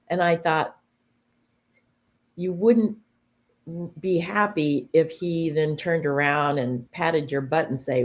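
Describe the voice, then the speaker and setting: A woman's voice: sits low, slow pace, pauses often. A woman in a conversational discussion, explaining her points thoughtfully with some restarts.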